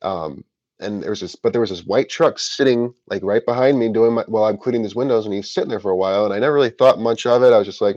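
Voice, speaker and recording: A man's voice: fairly low pitch, fast talker, darkish tone, no room sound, lo-fi sound. A man casually telling a rambling personal story about starting his window cleaning business, correcting himself often and swearing now and then.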